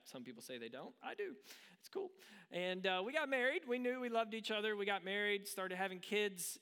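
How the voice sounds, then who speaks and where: A man's voice: high-pitched, pushed and bright, clear, resonant tone, big-room sound. A pastor in his thirties preaching a sermon, telling a personal story in a conversational way with rhetorical questions. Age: 30s.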